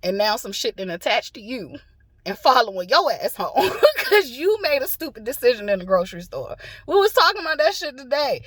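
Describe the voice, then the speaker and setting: Vlogger, woman, blunt and profane, high voice, casual car rant, often laughing. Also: sing-song, brisk, a bit bright, no echo. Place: parked car.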